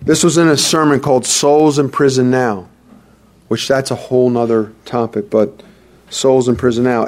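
A man's voice: medium pitch, fairly even intonation, normal speed, darkish tone. A man preaching a sermon in an earnest, conversational way, repeating himself for emphasis.

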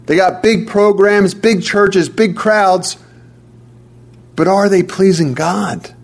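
A man preaching a sermon in a fairly high voice. He leans hard on key phrases, repeats them for weight, and stumbles into quick restarts as he builds his point. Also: vocal fry.

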